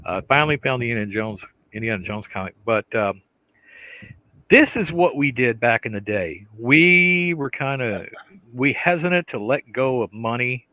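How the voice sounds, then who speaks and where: A middle-aged man with a bright, forceful voice tells stories in casual conversation. He is animated and acts out the voices and sounds in what he tells. His pitch sits in an ordinary middle range. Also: moderate pace, no room sound, low-quality recording. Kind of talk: casual chat.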